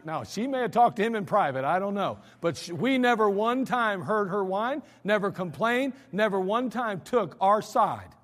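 Male American pastor, high-pitched, folksy storyteller, reverberant church sanctuary. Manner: folksy, emphatic storytelling preacher. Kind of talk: sermon.

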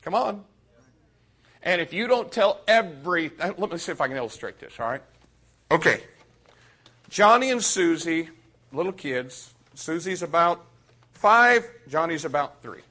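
A man preaching a sermon to young people, animated and addressing them directly. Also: a little high, a little slow, long pauses.

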